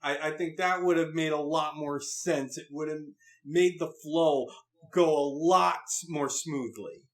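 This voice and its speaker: A man talking as a podcast co-host about a film. His voice sits a little high for a man, and his delivery is hesitant, dotted with ums, uhs and restarts. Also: measured pace. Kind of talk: casual movie review chat.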